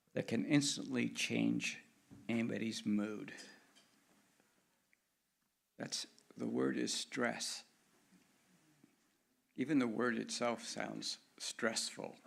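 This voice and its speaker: A man, a minister, speaking gently and steadily in short phrases during a Sunday prayer and sermon in a church sanctuary. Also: mid-range voice, creaky. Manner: slow, gentle, measured delivery with short phrases.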